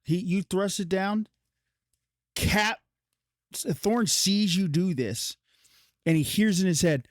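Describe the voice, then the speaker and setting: A man running a live-streamed tabletop game as game master, casual and profane with a slow, drawn-out narrating manner. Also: high-pitched, a little hiss or hum.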